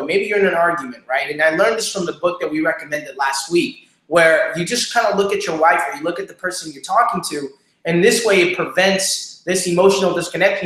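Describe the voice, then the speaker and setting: Stanowczy mężczyzna radzi w pogłosowym pokoju. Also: male voice, a little high, fairly bright tone. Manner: emphatic, repeats "here's the deal" and "right?". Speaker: co-host. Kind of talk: casual advice talk. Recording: very echoey room.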